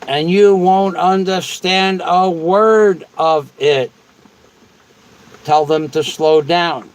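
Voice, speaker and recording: Slow-talking, rambling man on a livestream. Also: on the high side, rough recording. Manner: rambling and repetitive. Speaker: livestream host. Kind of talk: casual livestream chat, answering viewers.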